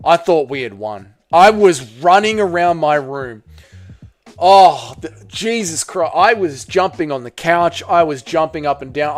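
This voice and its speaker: Australian man, casual stream chat, swearing, bantering, slightly high voice. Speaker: livestream host reading chat.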